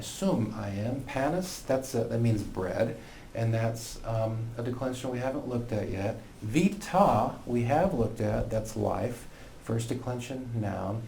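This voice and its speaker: A man's voice: mid-range voice, gravelly, dark tone, reverberant, a little hiss or hum. A man teaching a recorded Latin lesson, explaining grammar patiently and step by step with frequent fillers.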